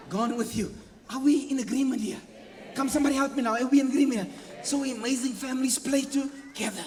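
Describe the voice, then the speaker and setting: A very high, piping voice carries through the long reverb of a large church hall as a pastor preaches his sermon. He asks his congregation for agreement in call-and-response fashion and acts out everyday family moments with playful mimicked voices and sound effects.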